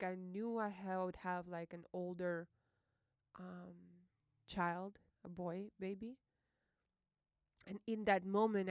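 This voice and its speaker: A young woman hosting a podcast, telling a personal story in an emotional, halting way, with many fillers and curses. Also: on the low side, smooth, dry recording, clean studio sound. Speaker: podcast host.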